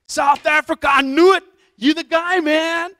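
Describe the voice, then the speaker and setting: A man's voice: extremely high pitch, fairly even intonation, a little slow, pushed and bright, pitched above the performer's own voice, full character voice. A man doing an overexcited young bank teller. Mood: thrilled. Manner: gushing, eager, keeps saying man.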